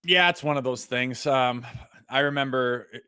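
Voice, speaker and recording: A Canadian man in his thirties, once a player and now co-host of a laid-back hockey podcast, tells stories with real animation and acts out what people said. His voice sits at a medium pitch and moves at a moderate pace, smooth and clean. The recording is studio quality with no room sound.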